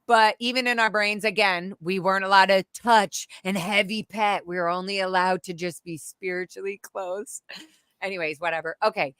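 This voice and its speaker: Bright-voiced woman telling stories animatedly. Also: medium pitch, moderate pace, clean tone, dry recording, studio quality. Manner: animated, profane, acts out quoted voices. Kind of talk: candid storytelling conversation.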